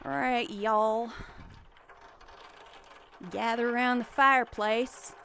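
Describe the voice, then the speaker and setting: A woman's voice: fairly high pitch, fairly even intonation, slow pace, a bit bright, a little hiss or hum. A woman putting on a hammy Southern drawl as a folksy backwoods storyteller. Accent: put-on Southern US.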